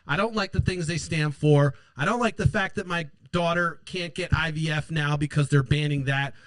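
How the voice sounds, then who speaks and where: A man's voice: on the high side, normal speed, fairly bright tone, no echo, rough recording. A man hosting a show, ranting about politics in a heated, profane, rambling way. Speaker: host.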